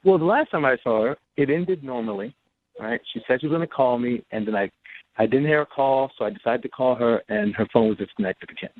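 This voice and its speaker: A man's voice: mid-range voice, brisk. A male radio caller speaking earnestly and defensively over the phone. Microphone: telephone. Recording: tinny phone line.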